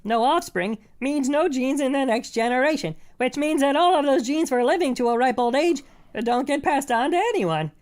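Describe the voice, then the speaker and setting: Computer voice as a creepy bear reading out textbook stuff, high and even. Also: normal speed. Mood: flat.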